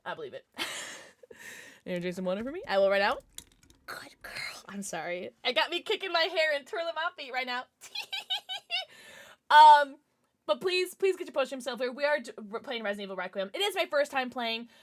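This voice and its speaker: Bubbly, giggly woman streamer, high voice. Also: lively intonation, a little fast. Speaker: game streamer. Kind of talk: casual livestream chat.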